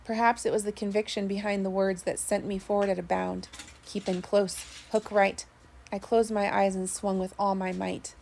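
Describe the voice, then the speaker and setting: A woman narrating a first-person sea story, steady with small slips. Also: mid-range voice, fairly quick, vocal fry, hardly any pauses, a little hiss or hum. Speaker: audiobook narrator.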